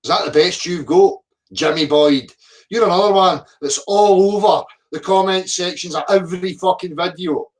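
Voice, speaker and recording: A man's voice: sits high, fairly even intonation, moderate pace, hardly any pauses, a little mellow. A middle-aged man, ranting profanely at viewer comments, abrasive and mocking. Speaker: flat earth video commentator. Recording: voice a bit distant from the mic.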